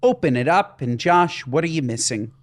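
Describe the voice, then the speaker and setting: A man co-hosting a comedy podcast with a fairly high voice. He rants in exasperated comic bursts, all mock outrage and punchlines. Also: animated, moderate pace. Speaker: podcast co-host. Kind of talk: comedic casual podcast chat.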